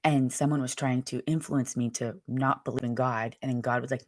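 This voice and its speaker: A woman's voice: extremely low pitch, fairly even intonation, brisk, hardly any pauses, dry recording, clean studio sound. A young woman, host of her own show, giving a candid and emotional personal testimony, rambling along with many fillers.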